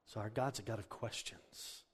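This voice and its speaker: A man's voice: fairly low pitch, normal speed, breathy edge. Earnest male preacher in an echoey hall. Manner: earnest, conversational, emphatic. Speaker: pastor. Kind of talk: sermon.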